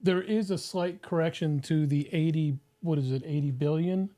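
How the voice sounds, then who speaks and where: A man co-hosting a casual podcast who chimes in with dry, matter-of-fact remarks. His voice sits a little high for a man. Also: normal speed, warm tone. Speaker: podcast co-host. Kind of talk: casual chat.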